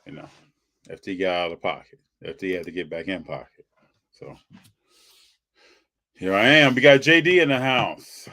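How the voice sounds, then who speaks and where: A man's voice: deep voice, moderate pace, long pauses, pushed and bright. A man hosting a live sports and trading card podcast, chatting casually and greeting viewers by name. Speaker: podcast host. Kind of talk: casual live show chat.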